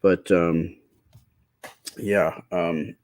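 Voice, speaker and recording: A man hosting a live stream, chatting casually and answering viewer comments with a slightly stuffy nose and a halting, rambling way of talking. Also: deep voice, level tone, a little mellow. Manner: rambling, halting, many fillers and restarts.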